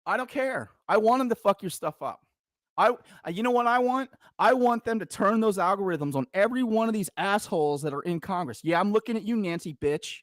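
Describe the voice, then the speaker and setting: A middle-aged man on a podcast, ranting with heat and plenty of swearing. His voice sits a little high for a man, and the sound is dry and close to the mic with almost no room around it. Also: expressive, fairly quick, few pauses, dry recording. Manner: heated, profane, shouting rant. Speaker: podcast co-host, veteran. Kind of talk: casual podcast rant.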